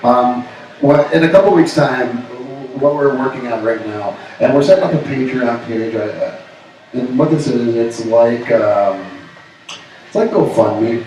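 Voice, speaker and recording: A man's voice: medium pitch, a little mellow, distant mic. A man co-hosts a casual live stream from a pub, rambling between plugs and jokes. He sits a little back from the mic. The room is strongly echoey, with faint noise behind him. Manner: joking, rambling, quick asides. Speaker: podcast co-host.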